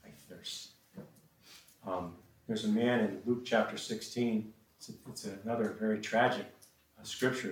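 A man preaching a sermon and reading scripture, often hesitating with repeated words and ums. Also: lowish voice. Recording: echoey room from a distant mic.

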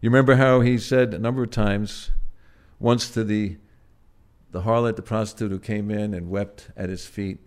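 A man preaching a sermon in a gentle, halting way, pausing often and swelling loud on key words before dropping soft again. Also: fairly low pitch, fairly even intonation. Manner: gentle, halting, with frequent "uh" and restarts.

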